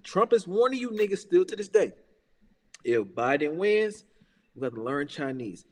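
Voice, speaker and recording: A man with a fairly high voice rants in a casual podcast chat, heated, profane and emphatic. He keeps repeating himself and throwing in "bruh". A long reverb trails behind his voice. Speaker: podcast talker.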